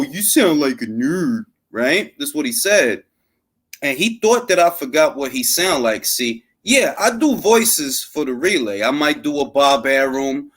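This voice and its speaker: A man hosting a late-night boxing talk show, rambling casually with lots of slang and swearing. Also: on the high side. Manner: animated, rambling and profane, full of fillers and slang. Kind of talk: casual unscripted commentary.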